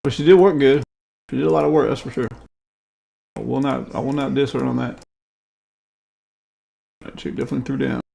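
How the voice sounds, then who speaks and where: Flat-voiced, gravelly man talking fast. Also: mid-range voice. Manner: matter-of-fact, explains things plainly, swears casually. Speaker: plugin developer for a game server. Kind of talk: casual chat.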